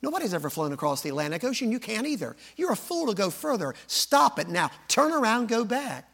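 Brief: man playing a nagging male doubt-voice, taunting, bright and high. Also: very animated, brisk, vocal fry, exaggerated voice. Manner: taunting, insistent.

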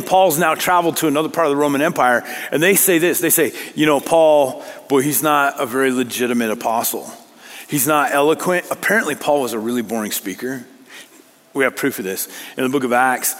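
A man's voice: on the high side, brisk, a bit bright, long reverb tail. A man preaching a sermon, conversational and self-deprecating, reading scripture dramatically. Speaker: pastor.

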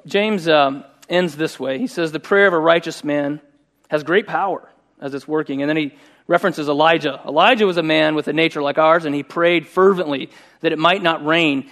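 Man, middle-aged, preaching, conversational storytelling, fairly high voice. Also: moderate pace. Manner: conversational and animated, voicing quoted speech. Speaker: pastor. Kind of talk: sermon with personal story.

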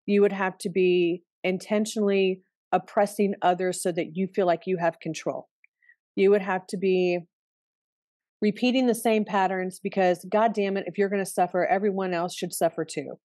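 A woman's voice: mid-range voice, fairly even intonation, normal speed, mellow, dry recording. Candid woman astrologer, dry close sound. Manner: candid, conversational, swears casually. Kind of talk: casual spoken astrology talk.

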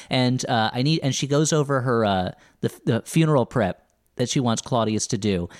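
Podcast guy chatting about a show, mid-pitched, keeps restarting his thoughts. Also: normal speed, no room sound, studio quality. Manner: thoughtful, restarts sentences while searching for words. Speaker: podcast co-host. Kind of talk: casual chat about a TV series.

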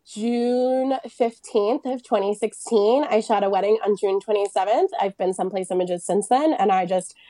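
A woman, a guest on a casual podcast, telling a personal story in an animated way, acting out what was said and laughing often. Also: medium pitch, normal speed, hardly any pauses, dry recording. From United States. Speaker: guest, photographer and business owner.

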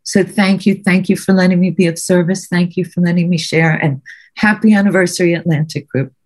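A woman's voice: lowish voice, fairly even intonation, a little fast. A middle-aged woman giving an earnest, conversational recovery talk over a video call, often repeating words for emphasis. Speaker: guest speaker at a recovery meeting. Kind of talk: personal recovery testimony.

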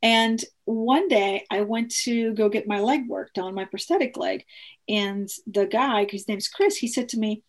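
Speaking unhurriedly in a mid-range voice, a woman recounts something from her own life with earnest energy. She voices the conversations herself, frequently starting over mid-line.

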